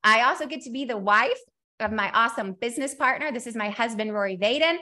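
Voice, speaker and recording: An energetic woman in her thirties presents a business webinar, telling stories and laughing often. Her voice sits a little high for a woman. She sounds like she is speaking into a mic on a video call. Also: quick pace. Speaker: keynote speaker and company CEO.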